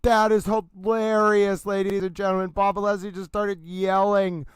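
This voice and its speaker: A man hosting a live stream, talking casually and excitedly to his viewers and often calling out "ladies and gentlemen". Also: high-pitched, normal speed, clean tone, no echo, poor audio. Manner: animated, exclamatory, addresses viewers as ladies and gentlemen. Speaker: livestream host.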